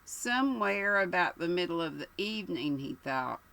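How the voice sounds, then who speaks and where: An older woman reading a mystery novel aloud at an unhurried pace, now and then stumbling over a word. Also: fairly low pitch, lively intonation, vocal fry, fairly bright tone, poor audio. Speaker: channel host reading aloud.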